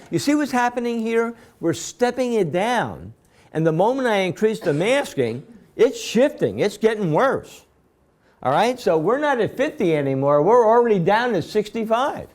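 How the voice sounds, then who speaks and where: A man with a slightly high voice lectures his class. He explains each step methodically and repeats himself for emphasis. He keeps stopping to quiz his students with quick questions. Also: a little mellow. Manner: quizzing students with rhetorical questions. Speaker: instructor.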